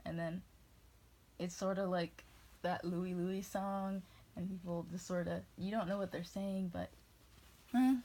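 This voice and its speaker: Rambling, husky-voiced woman vlogger. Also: fairly low pitch, darkish tone. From New England, US. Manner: rambling, tangential, self-interrupting. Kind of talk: casual vlog monologue.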